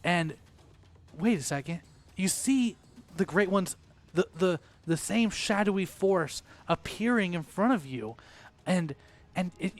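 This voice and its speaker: A man's voice: high-pitched, animated, unhurried. Laughing, rambling male game master. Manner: rambling, laughs often, many restarts. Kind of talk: narrating a tabletop game.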